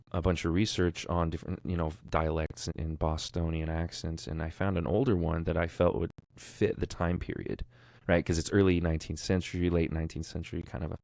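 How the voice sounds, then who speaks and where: A man's voice: low-pitched, vocal fry, no echo. A man co-hosting a casual podcast about voice acting, talking eagerly and nerdily about his audiobook work. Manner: enthusiastic, nerdy, talks fast when excited. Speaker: podcast co-host, audiobook narrator.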